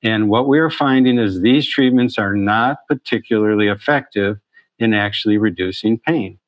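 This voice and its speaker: A man's voice: fairly low pitch, moderate pace, no room sound, lo-fi sound. A man, a physician, giving a talk on chronic pain and telling patient stories in an earnest way, often restarting his phrases. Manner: storytelling, earnest, with frequent restarts. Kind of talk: presentation.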